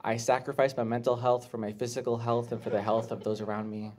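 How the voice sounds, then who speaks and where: A man doing a stand-up comedy set, talking in an awkward, halting way with restarts and jumping up into shrill voices when he quotes people. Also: flat delivery, darkish tone, a little hiss or hum. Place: comedy club stage with live audience. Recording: clear live audience laughter.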